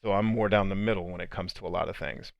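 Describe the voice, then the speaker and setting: A man's voice: sits low, fairly even intonation, fast, vocal fry, no echo, muffled recording. A man hosting a motivational podcast, talking bluntly and emphatically with casual profanity and frequent "right?" asides. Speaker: podcast host and coach.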